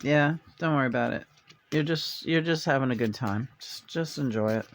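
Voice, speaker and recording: A man's voice: mid-range voice, normal speed. A man chatting casually and playfully while doing a tarot reading, with a hesitant, rambling manner and bits of meowing sing-song. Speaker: tarot reader.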